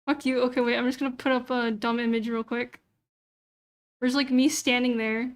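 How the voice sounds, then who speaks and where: A woman's voice: a little high, level tone, moderate pace. A young woman streamer chatting casually on a livestream, muttering to herself as she browses and swearing freely. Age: young adult. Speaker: VTuber streamer.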